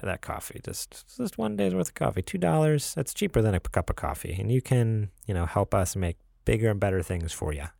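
A man's voice: fairly low pitch, creaky, no echo, clean studio sound. A man co-hosting a casual podcast, rambling with many fillers and restarts. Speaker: podcast co-host.

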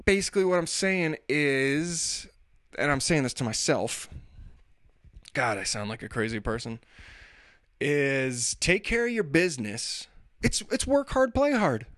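A man's voice: medium pitch, big pitch swings, takes it slowly, long pauses, fairly bright tone, no echo, clean studio sound. A man in his thirties hosting a casual solo chat, rambling with laughs, restarts and self-mocking asides. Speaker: podcast host and musician.

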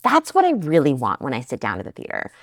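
Chatty New woman, lowish voice. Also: wildly swooping pitch, fast, no echo. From New Jersey. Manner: chatty, enthusiastic, many fillers. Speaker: podcast co-host. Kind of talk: casual chat.

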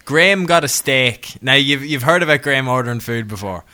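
A man's voice: mid-range voice, expressive, brisk, pushed and bright. A man co-hosting a podcast, chatting casually and telling stories with a laugh. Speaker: podcast co-host.

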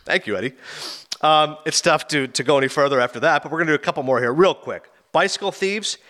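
A man hosting a casual movie talk podcast, acting out film scenes in quick voices. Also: a little high, sharp tone. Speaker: podcast host.

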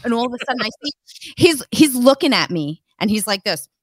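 A woman telling a story on a podcast in casual chat, animated and swearing often between bursts of laughter. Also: on the high side, a little fast, no room sound. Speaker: podcast co-host.

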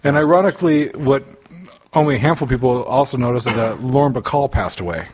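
A man's voice: mid-range voice, fast, a little mellow, slight background noise. A man in his forties co-hosting a podcast, telling wry stories in casual chat. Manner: wry, storytelling. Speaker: podcast co-host.

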